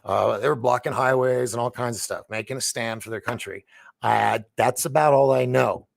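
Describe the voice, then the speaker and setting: A man's voice: medium pitch, steady tone, creaky, dry recording. A man hosting a casual live stream, reading news aloud, tripping over names and answering viewer comments. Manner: reads news aloud haltingly, stumbles on names, chats with viewers.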